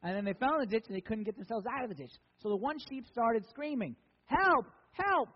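A man's voice: high voice, expressive, quick pace, husky, big-room sound, highs cut off. A man preaching as a pastor, conversational and joking with emphatic lines. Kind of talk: sermon.

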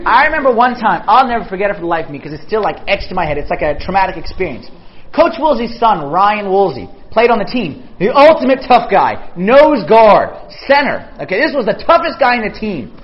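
A young adult man giving a lively, conversational sermon to young people. He tells animated stories and keeps checking in with his listeners by asking "okay?". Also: high-pitched. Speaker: pastor. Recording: dull lo-fi sound.

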